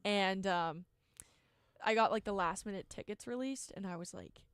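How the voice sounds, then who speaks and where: A young woman around twenty, co-hosting a sports talk show from a college radio studio. She tells stories with animation and peppers them with fillers. Her voice sits at a middle pitch and the sound is dry and close, with no room echo. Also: normal speed, clear, resonant tone. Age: about 20. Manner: animated storyteller, filler-heavy. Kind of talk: casual sports chat.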